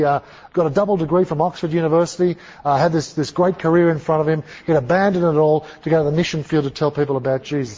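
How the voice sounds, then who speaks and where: Aussie guy preaching, telling a story, husky kinda voice, dull lo-fi sound. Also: fairly high pitch. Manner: animated, conversational storytelling with asides. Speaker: speaker. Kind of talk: storytelling sermon. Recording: dull lo-fi recording.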